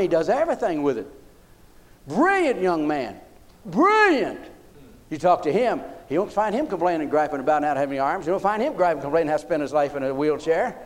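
A man delivers a sermon in a folksy, lively way, regularly checking in with the congregation. His voice sits high for a male and ranges widely in pitch.

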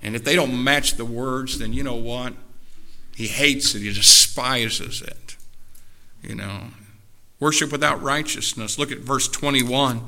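A male preacher with a very bright, forceful voice delivers a sermon. He reads scripture references in a measured way, then drives his points home with rising, shouted emphasis, and slips into relaxed, joking asides with the congregation. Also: mid-range voice. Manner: drops to a casual, joking tone with the congregation.

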